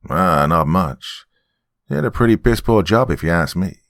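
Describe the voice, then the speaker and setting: A man's voice: low-pitched, lively intonation, moderate pace, creaky, a bit bright, no room sound, clean studio sound, exaggerated voice. A man doing a scoffing, defensive dad. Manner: scoffing, flustered, stammering. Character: dismissive, defensive middle-aged father.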